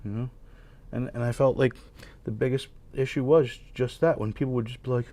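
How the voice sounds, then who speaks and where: A man's voice: mid-range voice, fast talker. A man hosting a podcast who is from Long Island, talking in a loose, rambling, profane way and often putting on other people's voices. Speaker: podcast host and tattoo artist. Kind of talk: casual podcast chat.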